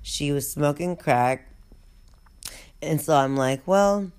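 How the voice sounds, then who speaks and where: A casual storyteller rambling through a comic memory, swearing freely and stretching out the asides. The voice is smooth and clear, at a middling pitch. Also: steady tone, slow, darkish tone. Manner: profane, rambling, drawling asides.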